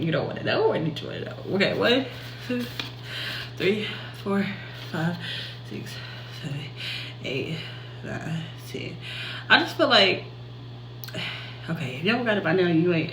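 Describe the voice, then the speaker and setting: A woman's voice: on the low side, a bit bright, echoey room, slight background noise, rough recording. A stressed woman vlogging to her camera at home, swearing and dropping to a half whisper at times. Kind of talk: self-filmed home vlog.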